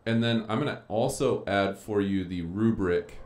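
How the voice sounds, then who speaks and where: Low-voiced guy teacher rambling on a live stream, echoey room, bit of hiss. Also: moderate pace, a little mellow. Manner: chatty, thinking aloud while clicking around. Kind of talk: casual live-streamed lecture. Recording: echoey room with faint noise.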